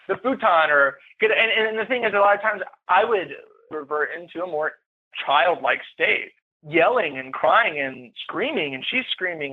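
Candid man on a tinny phone line. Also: a little high. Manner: candid, halting and emotional. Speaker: podcast guest. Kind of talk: personal account of domestic abuse.

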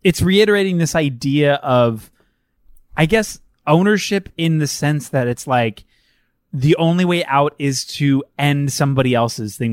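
A man's voice: medium pitch, no room sound. A man co-hosting a casual film discussion podcast, talking thoughtfully and analytically. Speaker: podcast co-host.

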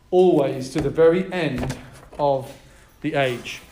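A pastor delivering a sermon to a gathered group, emphatic and energetic, drawing in the audience with prompts and questions. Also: male voice, on the high side, measured pace, reverberant.

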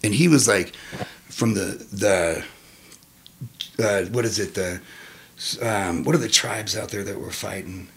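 A man telling personal stories in casual chat. He is animated and profane, and his voice jumps high when he quotes himself. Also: a little slow, pauses often, a little hiss or hum.

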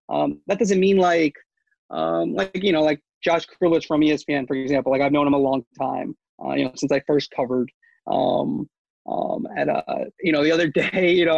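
A man's voice: a little high, vocal fry, no room sound, lo-fi sound. A man who works as a sports media reporter, talking casually in an interview, rambling with many fillers and restarts.

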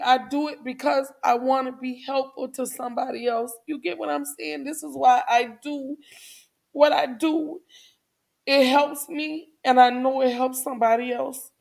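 A young adult woman speaks straight to her livestream viewers in a fairly high, gravelly voice. She is passionate and close to tears, and she preaches a little as she repeats lines for emphasis. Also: fairly even intonation, a little slow, a little mellow. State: tearful, emotional. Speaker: podcast host. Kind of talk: emotional livestream talk to viewers. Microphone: camera livestream.

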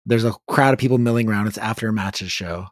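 A man hosting a podcast, telling a side story in a relaxed, conversational way. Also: lowish voice, quick pace, dry recording, studio quality. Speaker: podcast host.

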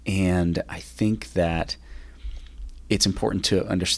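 Slow, deep, gravelly man co-hosting a podcast. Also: steady tone, a little mellow. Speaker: podcast co-host. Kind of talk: casual faith podcast chat.

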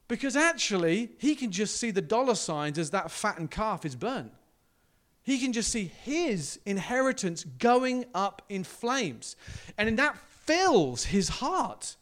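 A male pastor preaching a sermon in a church, telling the story in an animated way and acting out the quotes. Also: sits high.

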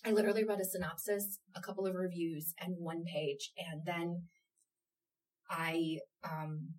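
A woman who runs a theater company, chatting in an interview and telling a story with animated, emotional energy. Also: fairly low pitch, unhurried, recorded from a distance, rough recording. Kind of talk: casual interview chat.

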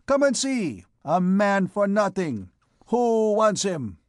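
A man voicing a loud, swaggering male vagabond chief who bellows and mocks. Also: fairly high pitch, big pitch swings, slow, no echo, studio quality, pitched above the performer's own voice, heavily acted. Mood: bellowing. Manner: bellowing, mocking auctioneer calls. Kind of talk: audiobook character voice.

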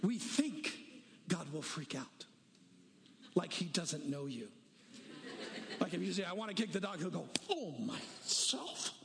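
A man preaching in a large reverberant hall, his voice sitting high and swinging widely in pitch. He tells stories with quick changes of voice and presses his listeners with dares. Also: creaky, background noise. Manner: animated storytelling, shifting voices for quotes, daring the listeners. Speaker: pastor. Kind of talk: sermon.

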